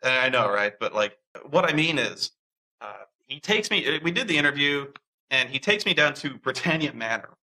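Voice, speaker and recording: Animated man telling a story, bright voice. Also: medium pitch, moderate pace, low-quality recording. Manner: animated, acts out quoted voices, many restarts. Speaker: interviewee. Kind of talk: casual storytelling.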